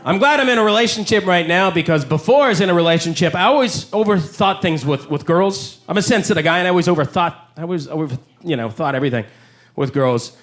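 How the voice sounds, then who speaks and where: A man's voice: high voice, expressive, fast talker, a bit bright. A man from Canada doing a self-deprecating, confessional stand-up set on a comedy club stage.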